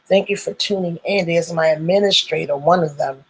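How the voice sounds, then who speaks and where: A woman's voice: on the low side, fairly quick, slightly rough, low-quality recording. A woman hosting her own live stream, greeting viewers over and over in churchy, welcoming phrases. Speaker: host of a live stream show.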